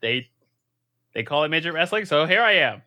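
A man's voice: on the high side, very animated, fairly quick, sharp tone, no echo. A man co-hosting a casual podcast, easygoing and a little sheepish. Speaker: podcast co-host.

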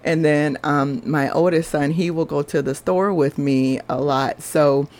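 A woman's voice: sits low, fairly even intonation, a little slow, darkish tone. A woman, hosting a podcast and telling a personal story in an earnest, confessional, chatty way. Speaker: podcast host.

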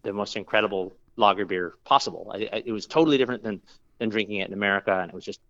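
A man's voice: fairly low pitch, very fast, fairly bright tone, dull audio. A man who works as a brewer, telling a long story in a casual interview, rambling with lots of fillers and restarts.

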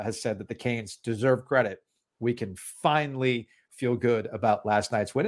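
A man co-hosting a sports podcast, talking in a loose, joking way full of "like" fillers. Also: mid-range voice. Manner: animated, joking, many "like" fillers. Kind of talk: casual sports chat.

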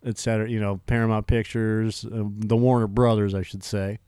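A man co-hosting a movie podcast, rambling casually, laughing and swearing, often trailing off quietly. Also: fairly low pitch, level tone, fairly quick, smooth, dry recording, studio quality. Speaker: podcast co-host. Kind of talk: casual chat.

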